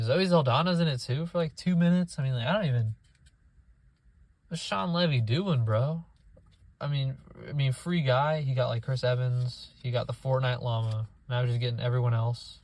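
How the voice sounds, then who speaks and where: A man's voice: medium pitch, darkish tone. A young man giving a profane, exasperated movie review rant, often mocking people in put-on voices.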